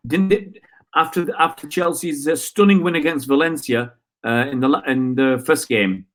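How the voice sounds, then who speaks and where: A man's voice: on the high side, normal speed. A man hosting a live football stream, ranting in frustration and answering viewer comments with rhetorical questions. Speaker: football channel host.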